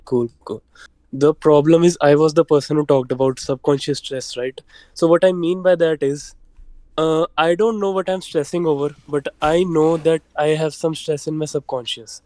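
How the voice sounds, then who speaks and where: An earnest young man of eighteen calling in, speaking English as a second language. His voice is fairly high, and it sounds dry and close. He asks his question politely. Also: steady tone, moderate pace, a little mellow, dry recording. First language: not English. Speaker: caller. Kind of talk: phone-in question.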